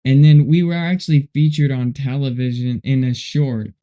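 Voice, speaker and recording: Mellow-voiced man rambling on a livestream. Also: medium pitch, steady tone, moderate pace, clear, resonant tone, dull audio. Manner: rambling, laid-back, says dude and you know a lot. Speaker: livestream host. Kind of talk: casual livestream chat while coding.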